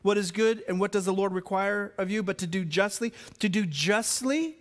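A high-pitched man preaches a sermon as pastor. He shifts between loud, excited outbursts and slow, quiet stress on key words. He often stumbles and repeats himself as he builds a point. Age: adult with children.

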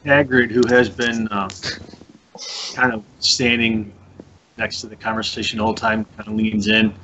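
A man playing a tabletop game, speaking quietly and in a measured way. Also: fairly low pitch, little pitch movement, lo-fi sound, a little hiss or hum. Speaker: player. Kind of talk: casual tabletop play.

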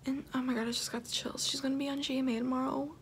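A young woman talks to her camera in a reaction vlog, often dropping into a whisper as she gushes and swears. Her voice sits fairly high. A faint hiss runs underneath. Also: flat delivery, rapid-fire. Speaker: vlogger reacting to a music video.

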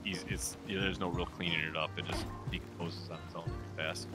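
A man's voice: low voice, little pitch movement, fast talker, over loud music. A man hosting a co-op gameplay video, chatting casually and teasing his partner. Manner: teasing, joking banter. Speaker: gaming channel host.

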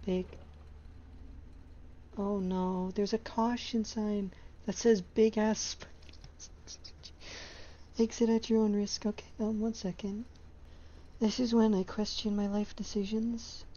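A woman's voice: mid-range voice, little pitch movement, slow pace, pauses often, warm tone, dull audio. A young woman streamer giving live commentary on a horror game, rambling anxiously and exasperatedly about how much she hates what she sees.

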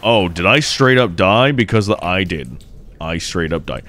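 Excitable young man narrating a game. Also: sits low, moderate pace. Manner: excitable, jokey, talks to his fish, bursts into shouts. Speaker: gameplay commentator. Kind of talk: let's play commentary.

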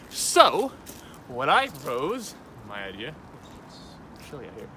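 A man outdoors rambling deadpan jokes to his friends in casual banter. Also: fairly high pitch, slight background noise. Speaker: friend goofing around on camera.

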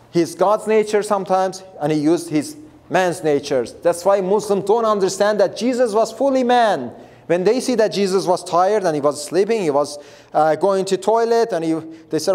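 A man's voice: sits high, darkish tone. A man preaching a Bible lesson in an earnest, emphatic way, repeating himself and restarting phrases as he explains. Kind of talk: Bible teaching.

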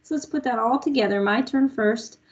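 This young woman, pitched fairly high and talking at a normal speed, leads little children through an online music lesson. She sings short lines patiently so they can echo them, and the recording has a lo-fi online-class quality.

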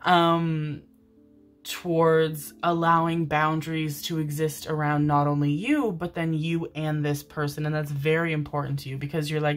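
A woman's voice: low voice, level tone, normal speed. A woman giving a casual tarot reading, chatty and affectionate, swearing freely as she goes. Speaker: tarot reader.

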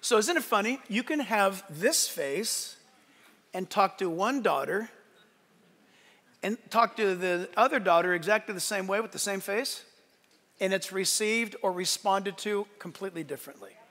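A male pastor preaching a sermon in a church, swinging between loud emphatic lines and hushed asides. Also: high voice, moderate pace. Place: church sanctuary. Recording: long church hall reverb.

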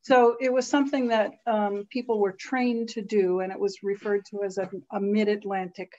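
A woman in a casual group discussion, relaying what she has read in a halting way. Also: mid-range voice, fairly even intonation, darkish tone, lo-fi sound. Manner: reads out information, halting with fillers. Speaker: discussion participant.

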